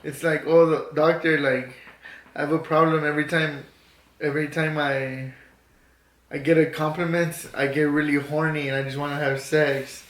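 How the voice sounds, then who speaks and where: A man's voice: a little high, little pitch movement, moderate pace, a bit bright, echoey room. A man co-hosting a podcast, breaking in with jokes and teasing remarks. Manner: joking interjections, teasing. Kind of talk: casual podcast chat.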